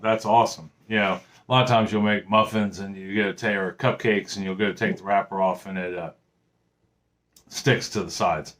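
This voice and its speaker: A middle-aged man talks casually into a camera at his table, in a slightly low voice. His speech wanders in a friendly way, with lots of fillers, restarts and asides. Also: a bit bright. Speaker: home cooking vlogger. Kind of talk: casual chat.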